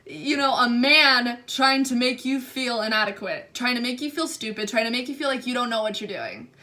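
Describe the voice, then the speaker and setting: A young woman vlogger telling a story to camera, acting out the people in it with animated delivery. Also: fairly high pitch, normal speed. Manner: animated retelling, acts out quotes. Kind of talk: storytime vlog.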